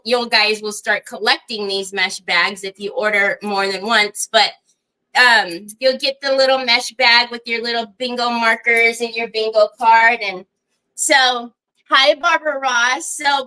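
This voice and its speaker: A middle-aged woman hosts a craft livestream. Her voice is bright and sits a little high, and she rambles in easy chat and greets viewers by name. She laughs often between thoughts. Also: clean tone, rough recording.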